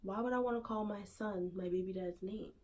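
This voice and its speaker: A woman's voice: medium pitch, fairly quick, a little mellow. A woman giving her opinion casually in a vlog, repeating rhetorical questions in disbelief. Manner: conversational, with fillers. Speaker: vlogger.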